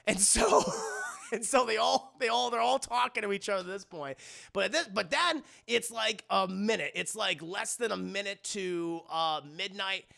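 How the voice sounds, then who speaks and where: Guy streaming a sweary movie recap, high gravelly voice, rambly and crude. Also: moderate pace, pushed and bright. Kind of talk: casual profane movie recap.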